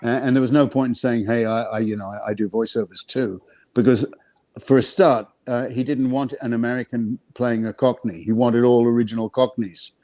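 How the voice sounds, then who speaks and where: A man's voice: mid-range voice, steady tone, brisk, dark tone. Australian man telling stories, laughing. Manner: anecdotal, laughing often, hesitant fillers. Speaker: guest actor. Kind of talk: casual storytelling on a video call.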